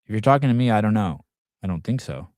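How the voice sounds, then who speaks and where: Middle-aged guy rambling on his podcast, swears a lot, lowish voice, dry sound. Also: animated, fast talker, a little mellow, no echo. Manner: rambling, profane storytelling. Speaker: podcast host. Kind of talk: casual live podcast chat.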